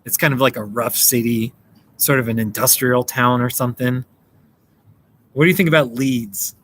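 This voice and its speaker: An American man hosting a casual livestream in a middle-pitched voice, calling out viewers by name and laughing often. A faint hum of background noise sits behind him. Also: fairly even intonation, moderate pace. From United States. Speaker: livestream host. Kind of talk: casual livestream chat reading viewer comments. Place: home in Colorado.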